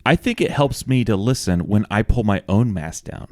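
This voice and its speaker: A man's voice: fairly low pitch, expressive, moderate pace, a little mellow, dry recording, studio quality. A man co-hosting a podcast in casual chat, joking around and playing out little scenes. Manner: jokey, plays out bits with silly voices. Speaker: podcast co-host.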